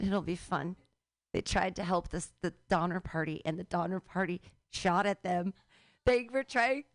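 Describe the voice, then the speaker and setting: A woman's voice: medium pitch, a bit bright, dry recording. A woman hosting a comedy open mic, loose and irreverent as she introduces the next act. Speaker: show host introducing comics. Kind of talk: emcee patter at open mic.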